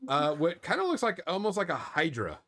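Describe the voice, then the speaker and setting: A man's voice: on the high side, wildly swooping pitch, fairly quick, fairly bright tone. Easygoing male game master, chatty. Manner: casual, loose, lots of fillers, chuckles often. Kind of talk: narrating a tabletop game.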